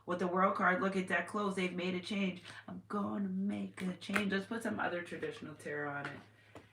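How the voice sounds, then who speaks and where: Lady doing a chill tarot reading, keeps repeating herself, yells out now and then, echoey room. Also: lowish voice, steady tone, brisk. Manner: chatty, repetitive, with sudden exclamations. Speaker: tarot reader. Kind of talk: casual tarot reading to viewers. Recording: echoey room with faint noise.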